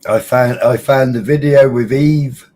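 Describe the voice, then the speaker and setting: A man hosts a casual live stream into a computer mic, sounding chatty and teasing and dropping the odd mild swear word. His voice sits at an ordinary middle pitch. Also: fairly even intonation, measured pace, darkish tone. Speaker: livestream host. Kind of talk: casual livestream chat greeting viewers.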